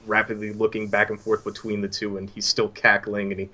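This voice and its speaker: Man, game master narration, bright tone, lower voice, halting with fillers. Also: completely flat delivery.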